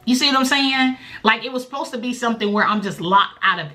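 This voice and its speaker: A woman vlogger, telling a story in a chatty, animated way straight to the viewer. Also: fast. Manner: bursts into a high, loud voice when quoting herself. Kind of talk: casual storytime vlog.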